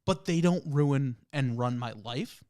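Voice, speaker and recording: A young man from the Philadelphia area in casual podcast chat, who laughs often and tells stories loudly. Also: medium pitch, unhurried. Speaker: podcast co-host.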